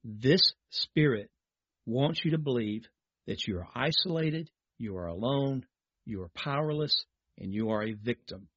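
A husky-voiced man preaches a sermon, moving between reading scripture aloud and speaking directly to his listeners. The sound is dry and somewhat muffled, with little room around it. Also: mid-range voice, expressive, a little slow, a bit bright, no room sound.

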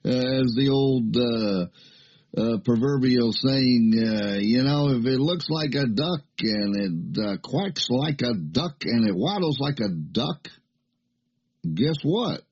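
Older male preacher, husky voice, emphatic folksy sermon, lo-fi. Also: mid-range voice, animated, takes it slowly, a little mellow. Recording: muffled lo-fi recording.

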